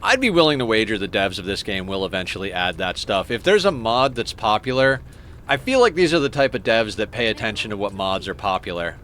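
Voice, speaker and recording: A man's voice: fairly low pitch, big pitch swings, a little fast, fairly bright tone, a little hiss or hum. A young man streaming a game, chatting casually, rambling and stammering as he thanks viewers. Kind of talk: casual live-stream chat while playing.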